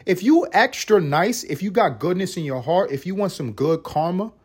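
A young man from the United States who hosts a podcast, telling a story in casual solo chat, animated, with big swings in pitch and loudness. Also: normal speed, breathy edge. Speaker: podcast host.

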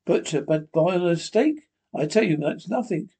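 A man's voice: sits high, animated, normal speed, dark tone, husky. A man reading the part of a chatty, nosy butcher who speaks in broken English with folksy exclamations. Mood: teasing.

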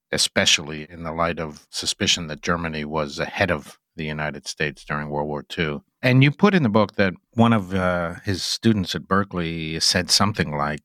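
A man hosting an interview, asking measured, prompting questions. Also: deep voice, bright, forceful tone, no echo, studio quality. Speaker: interviewer host.

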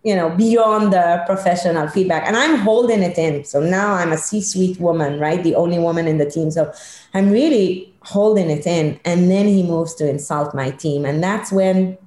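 A middle-aged woman, a leadership consultant, telling a personal story in an interview, animated and emphatic. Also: fairly low pitch, normal speed. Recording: echoey room.

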